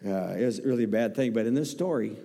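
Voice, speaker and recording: A guest preacher delivers a humorous sermon in a church sanctuary, animatedly telling a story, joking, and acting out voices. He talks fast in a mid-range voice with vocal fry, and the recording carries long hall reverb.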